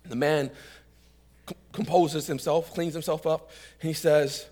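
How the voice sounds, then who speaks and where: A man's voice: on the high side, unhurried. A male pastor preaching a sermon in church, joking and telling stories, calling on the congregation to answer back. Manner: calls out to the congregation for responses; lively, joking storyteller.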